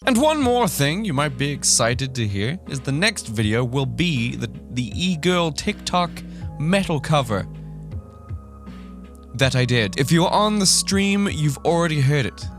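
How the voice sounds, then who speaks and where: A man's voice: fairly high pitch, very animated, unhurried, faint music behind. A man hosting a reaction vlog, ranting animatedly and swearing. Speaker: YouTuber.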